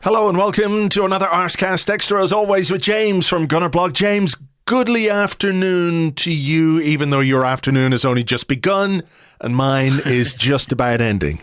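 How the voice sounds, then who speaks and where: A man's voice: fairly high pitch, a little fast, a bit bright, smooth, no room sound. Joking male podcast host, dry close sound. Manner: chatty, joking, laughs often. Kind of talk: casual football podcast chat.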